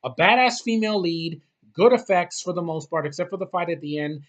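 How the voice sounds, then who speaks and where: A man's voice: high voice, fairly quick, a bit bright. A man ranting about a movie in a casual, blunt, exasperated way, swearing often and rambling through restarts. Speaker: movie reviewer.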